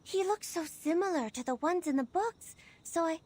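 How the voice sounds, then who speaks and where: A man's voice: very high-pitched, moderate pace, a little mellow, pitched above the performer's own voice. A man voicing a timid, curious young girl who speaks hesitantly. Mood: wondering.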